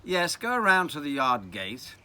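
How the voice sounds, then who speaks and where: A man's voice: on the high side, very animated, measured pace, pushed and bright, voice pushed up, heavily acted. An older man voicing a posh, skinny old stable owner with a clipped, very posh way of talking. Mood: haughty.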